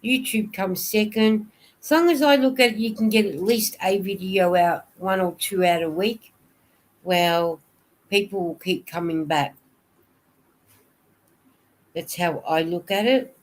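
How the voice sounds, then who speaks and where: Woman, slightly low pitch, chatty livestream host, answers comments. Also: fairly even intonation, slow pace, long pauses. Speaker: knitting vlogger hosting a livestream. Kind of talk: casual livestream chat.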